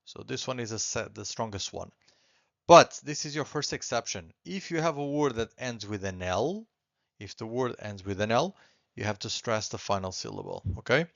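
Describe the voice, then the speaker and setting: Guy teaching a beginner class, says words twice slow, kinda low voice, dull sound. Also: animated, fairly bright tone, no room sound. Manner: patient, repeats words slowly and clearly. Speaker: language teacher. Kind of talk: beginner language lesson.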